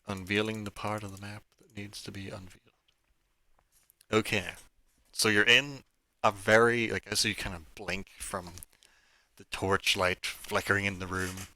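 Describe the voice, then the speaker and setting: A man serving as dungeon master narrates a tabletop game casually, leaning on fillers like "like" and "kinda." His low voice sounds pushed and bright, with no room sound.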